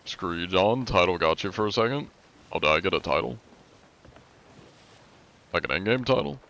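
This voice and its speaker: A man with a very low, slightly raspy voice chats casually on a live stream, talking in a flat monotone. His speech leans heavily on filler words. The audio sounds a little dull and lo-fi. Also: normal speed. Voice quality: raspy-ish, not smooth.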